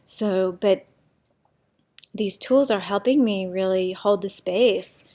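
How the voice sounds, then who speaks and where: A woman speaking slowly and deliberately, mid-pitched, in a reflective personal monologue. She pauses often and fills the gaps with soft "um"s. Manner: unhurried, pausing often, with soft fillers. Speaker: vlogger sharing personal healing practice.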